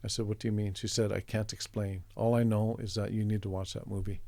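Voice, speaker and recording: A middle-aged man from Canada, an artist guest telling a story in a chatty, relaxed way, acting out the voices of the people in it. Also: on the low side, fast talker, creaky. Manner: chatty, acts out quoted voices, chuckles often.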